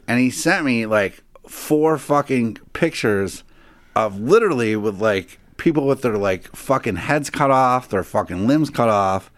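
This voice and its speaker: A man's voice: medium pitch, animated, unhurried, no room sound. A man from Buffalo, New York, telling a long story in casual, profane chat and acting out what people said.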